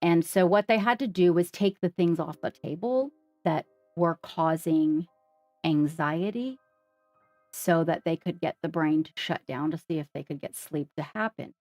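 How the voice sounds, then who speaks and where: Woman with a lowish voice, earnest casual livestream chat, dry sound, faint music behind. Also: unhurried, darkish tone, no room sound. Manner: earnest, speaks directly to viewers. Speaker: livestream guest sharing her story.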